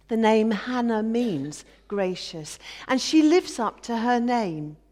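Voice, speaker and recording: A woman playing a gentle, loving middle-aged husband in a biblical dramatic monologue, speaking wistfully and tenderly. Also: mid-range voice.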